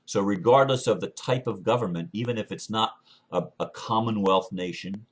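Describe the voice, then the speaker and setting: Deep-voiced man in halting monologue. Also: husky. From United States. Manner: earnest, halting, with frequent restarts. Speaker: speaker sharing beliefs. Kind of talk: unscripted monologue.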